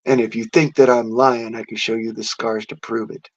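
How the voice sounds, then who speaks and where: A man's voice: mid-range voice, level tone, moderate pace. A man delivering a defiant, boastful rant to camera, swearing heavily. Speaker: vlogger. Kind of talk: profane angry rant. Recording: dull lo-fi audio.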